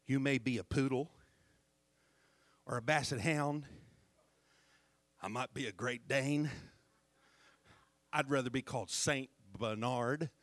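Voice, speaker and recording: A middle-aged male pastor preaching a sermon who keeps checking on the congregation with "hello?" and swings between loud emphasis and hushed asides. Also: mid-range voice, slow, long pauses, dry recording.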